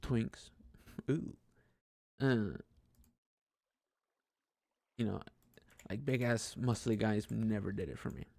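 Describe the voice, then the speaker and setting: A young man talks through a rambling personal monologue with a deep gravelly fry in his voice. He restarts his sentences often and laughs as he goes. The recording is dry and close with no room sound. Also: slow pace, long pauses, a little mellow, no room sound. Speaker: podcast host.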